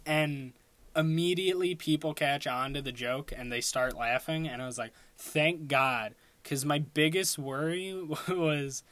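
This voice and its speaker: A man's voice: fairly high pitch, a little slow, fairly bright tone, no room sound. A young man telling a rambling personal story in a casual way, laughing at himself and breaking off to correct his own track. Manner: rambling, self-interrupting, laughs at own stories.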